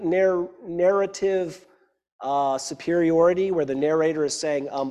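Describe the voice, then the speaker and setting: A man's voice: a little high, unhurried, darkish tone. Man preaching in a reverberant hall. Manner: reads scripture then explains it, with frequent "right?" asides. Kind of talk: sermon with scripture reading.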